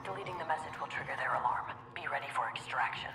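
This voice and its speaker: A woman's voice: low voice, fast talker, a crowd in the background, close to an everyday voice. A woman playing a cool imperial commando leader. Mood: steady. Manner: clipped, controlled commands. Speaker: imperial special forces commander. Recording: reverberant game audio with heavy battle noise.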